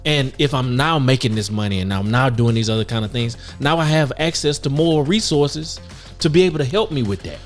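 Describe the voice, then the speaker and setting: A man's voice: mid-range voice, a little fast. Fifties guy on a podcast, easygoing storyteller, laughs at himself, faint music behind. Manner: storytelling, self-mocking, laughs often. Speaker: podcast co-host. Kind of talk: casual chat.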